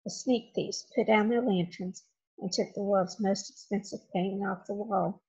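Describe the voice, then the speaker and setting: A woman reading a children's chapter book aloud in an expressive, dramatic way. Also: mid-range voice, moderate pace, breathy edge. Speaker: storybook reader. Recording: dull lo-fi home recording.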